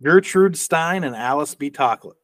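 A man's voice: a little high, animated, normal speed, fairly bright tone, dry recording. Joking man co-hosting a chat show. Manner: joking, rambling with restarts and laughs. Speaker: podcast co-host. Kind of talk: casual chat.

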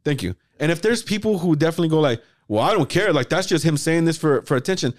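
A man hosting a casual podcast chat, talking in an animated way, swearing freely and acting out his own past thoughts. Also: a little high, fast talker, no echo. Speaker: podcast host.

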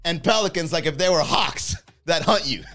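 A man chats loosely with his live audience, joking and rambling with frequent laughs. His voice sits a bit high and swings widely. Faint music runs behind him. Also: expressive, normal speed, bright, forceful tone. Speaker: livestream host. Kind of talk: casual chat.

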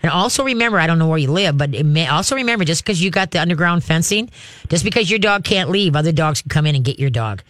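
Chatty middle-aged man, slightly high voice. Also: lively intonation, fast, fairly bright tone, no room sound. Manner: chatty, rambling, many "you know"s. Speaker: dog trainer. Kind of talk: call-in advice.

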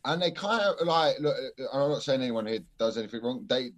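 Animated comedian, swearing freely. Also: male voice, mid-range voice, a little fast. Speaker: stand-up comedian guest. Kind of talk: casual podcast chat, storytelling.

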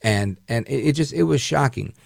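A man's voice: medium pitch, expressive, moderate pace, vocal fry, a little mellow, dry recording, studio quality. A man hosting a syndicated talk radio show, delivering an indignant, rambling monologue with frequent restarts. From Puerto Rican heritage, raised in the northern US.

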